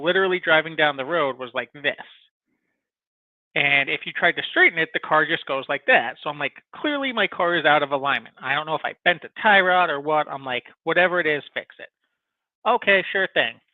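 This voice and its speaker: On a casual podcast, a man whose voice sits on the high side tells a long, rambling tale full of cursing and fillers, delivered with animation. The audio is echo-free but thin, like a phone line.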